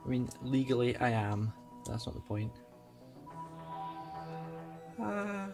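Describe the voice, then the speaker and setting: Male vlogger, excitable and wry, slow delivery, medium pitch, music bed behind. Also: creaky. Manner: excitable, chatty, self-mocking asides. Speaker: toy collector vlogger. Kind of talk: casual unboxing commentary. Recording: music playing underneath. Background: background music.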